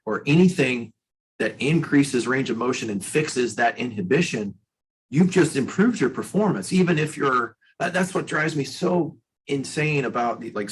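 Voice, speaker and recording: A man's voice: mid-range voice, a little hiss or hum, poor audio. A man, a strength coach guest on a podcast, talking bluntly and emphatically and swearing freely. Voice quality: husky. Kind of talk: podcast interview.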